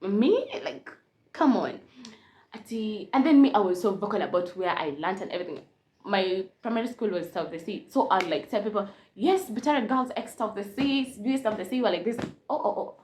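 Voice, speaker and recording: A young Kenyan woman telling a casual storytime, switching between Swahili and English, animated and laughing often. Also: medium pitch, normal speed, a little hiss or hum. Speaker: vlogger.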